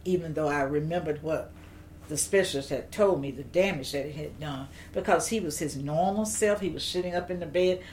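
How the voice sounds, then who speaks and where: An older woman, telling a personal story in an interview, slow and reflective with halting restarts. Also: sits low, a little mellow, slight background noise.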